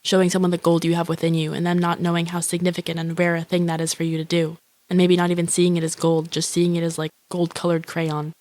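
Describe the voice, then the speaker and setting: In a fast, lightly acted voice-over, an actress plays a self-absorbed young woman who is lonely and grandiose, musing flatly in inner monologue and swearing casually. Her voice is a bit low, nearly monotone, and close and dry, with no room sound.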